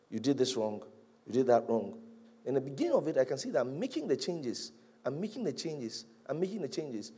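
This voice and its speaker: A male pastor preaching a sermon, animated, rising to loud peaks and dropping to hushed, drawn-out lines. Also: mid-range voice, husky.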